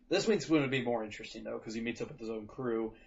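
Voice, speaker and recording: A man's voice: mid-range voice, creaky, a little mellow. A man co-hosting a podcast in casual chat, swearing freely and acting out quotes as he jokes. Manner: profane, joking, acts out quotes. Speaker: podcast co-host. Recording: dull lo-fi podcast audio.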